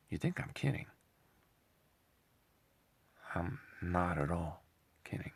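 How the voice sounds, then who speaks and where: Gravelly, slow-talking sarcastic man. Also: deep voice, very animated, fairly bright tone, dry recording. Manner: sarcastic, scornful, mocking; rambling, repeats himself. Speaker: commentary channel host. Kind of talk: opinionated commentary monologue.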